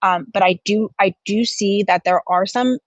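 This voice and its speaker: A woman's voice: medium pitch, normal speed, dry recording. A woman from Canada in a casual chat, giving frank, opinionated views. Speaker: livestream seller and co-host.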